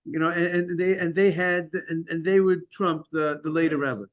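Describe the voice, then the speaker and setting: A man teaching a Talmud class in a casual, halting way, repeating words and restarting sentences while greeting students. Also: fairly high pitch, steady tone, dull audio. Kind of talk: informal Talmud lesson.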